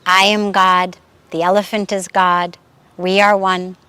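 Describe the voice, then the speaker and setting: A woman's voice: lowish voice, flat delivery, measured pace, pushed and bright, clear, resonant tone, no echo. A woman voicing a proud, stubborn young male disciple in a story she tells, sounding self-assured and insistent. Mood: defiant.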